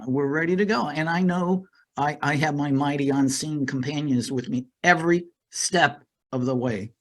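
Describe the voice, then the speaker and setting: A man's voice: fairly high pitch, moderate pace. A middle-aged man guesting on a podcast, talking earnestly with many fillers and repeated words. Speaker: podcast guest, life coach. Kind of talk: casual interview talk.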